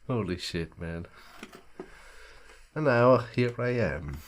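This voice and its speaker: His fairly low, slow voice still carries animation despite the groggy morning rasp as he streams a game. He chats in a loose, rambling way, casually cursing.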